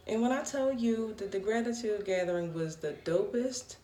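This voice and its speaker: A woman's voice: mid-range voice, moderate pace. Laughing woman telling a story in a roomy space. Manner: laughs often, animated self-talk. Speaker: vlogger. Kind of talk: casual storytelling monologue. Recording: roomy echo, a bit distant from the mic.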